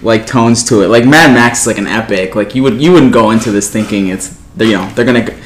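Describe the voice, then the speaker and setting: A man talking about a film in casual chat, halting and saying "like" a lot. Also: lowish voice. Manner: halting, lots of "like". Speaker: film podcast co-host. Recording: echoey room, faint hiss.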